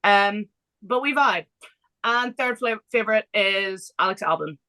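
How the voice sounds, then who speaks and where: A woman hosting a podcast in casual chat, bubbly and quick to laugh. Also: medium pitch, animated, pushed and bright, poor audio. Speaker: podcast host.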